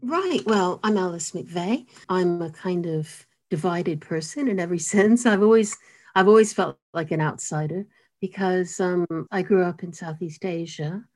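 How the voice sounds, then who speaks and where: An older woman whose accent sits between American and British talks in a fairly low voice. She tells her story in an animated, self-mocking way and laughs often. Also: normal speed. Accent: mid-Atlantic mix of American and British. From United States. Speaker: guest author and cellist. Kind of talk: conversational interview storytelling.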